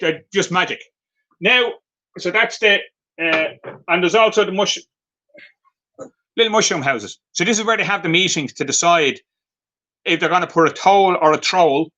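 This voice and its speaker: A man from Ireland with a high, bright, forceful voice presents his handmade craft pieces during a live video stream, telling funny stories in a chatty style peppered with fillers. The highs in the recording are cut off.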